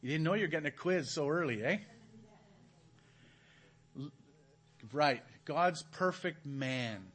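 A man's voice: on the high side, animated, slow, a bit bright, breathy edge. Sounding guy teaching a bible passage, chatty, quizzes the room. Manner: asks the audience questions, conversational. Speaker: preacher. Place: church hall.

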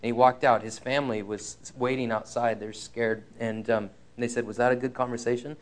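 A man preaching a sermon, telling a personal story in an earnest, frank way, slowing down to stress key lines. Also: medium pitch, flat delivery.

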